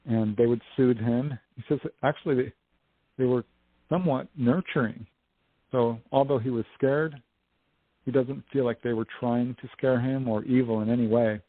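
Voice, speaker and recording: Husky man telling a story over the phone. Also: mid-range voice, normal speed, no room sound. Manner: animated storyteller, acts out quotes. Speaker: guest, UFO investigator and author. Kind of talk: casual storytelling interview. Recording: dry tinny phone line.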